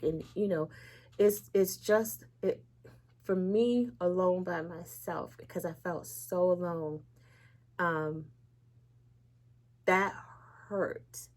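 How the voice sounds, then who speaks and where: A woman with a lowish, mellow voice speaks slowly and evenly, pausing often. As an interview guest she shares a candid, emotional faith testimony in conversation, acting out what others said and laughing lightly between the serious parts.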